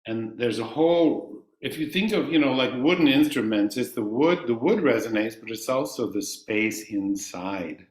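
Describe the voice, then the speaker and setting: A man teaching a chanting class, calmly explaining ideas and singing long vowels for his students to repeat. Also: mid-range voice, normal speed, few pauses, echoey room.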